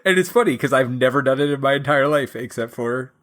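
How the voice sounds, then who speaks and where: A man's voice: medium pitch, fast talker, a bit bright. A man co-hosting a board game podcast in casual chat, with a dry, easygoing humor. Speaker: podcast co-host, game designer.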